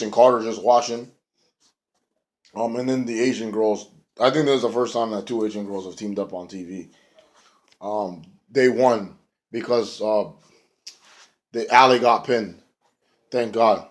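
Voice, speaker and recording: A man's voice: lowish voice, a little slow, long pauses. A man reviewing a wrestling show in a casual, rambling rant, swearing freely and acting out what the wrestlers said. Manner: rambling and profane, acts out quotes.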